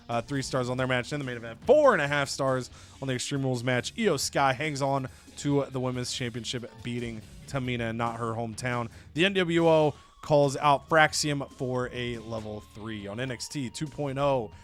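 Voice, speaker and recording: A young man hosts a let's-play, narrating a wrestling game recap in a casual, animated storytelling style with put-on voices and the occasional swear word. His voice is mid-range and a bit bright.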